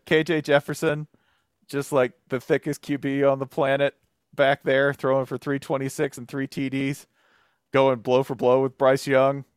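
A man co-hosting a loose sports talk show, joking and gushing with plenty of swearing. His voice sits at an ordinary middle pitch. The recording is dry and close. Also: clear, resonant tone, dry recording. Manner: animated, jokey, profane. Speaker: podcast co-host. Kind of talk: casual sports chat.

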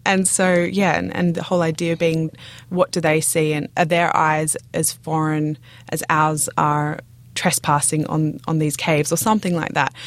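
A woman's voice: deep voice, no echo. An Australian woman chatting as a guest on a film review podcast, laughing easily and restarting her sentences. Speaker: guest critic. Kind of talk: casual podcast chat.

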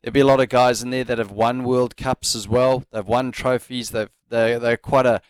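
Bloke hosting a cricket chat show, joking around, dry close mic. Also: male voice, medium pitch, flat delivery, moderate pace, clear, resonant tone, dry recording. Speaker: host. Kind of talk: sports talk show.

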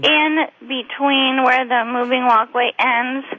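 A middle-aged woman, a guest comedian, telling rambling, excitable stories over a phone line. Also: sits high, takes it slowly. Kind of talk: chatty phone interview storytelling.

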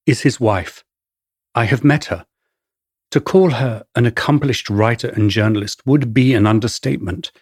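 A man with an English accent narrates his own memoir in a wry, measured storytelling manner. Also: mid-range voice, a little mellow, breathy edge, no echo, studio quality. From England. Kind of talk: first-person memoir narration.

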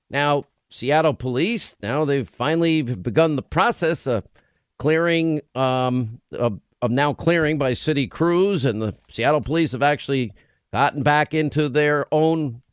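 A male talk radio host holds forth in an emphatic, sarcastic monologue, often stumbling and restarting mid-thought. His voice sits somewhat high for a man, and the studio sound is close and dry, with no room around it. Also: smooth, no echo.

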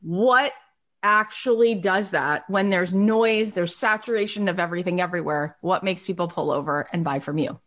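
A woman co-hosting a chat, asking questions in an energetic, motivational way. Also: fairly low pitch, moderate pace. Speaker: podcast co-host. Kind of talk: casual chat.

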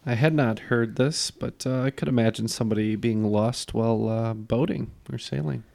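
A man's voice: mid-range voice, moderate pace, vocal fry, a little mellow. A man hosting a podcast trivia show, teasing and upbeat as he wraps up. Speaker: podcast host. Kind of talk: casual podcast banter.

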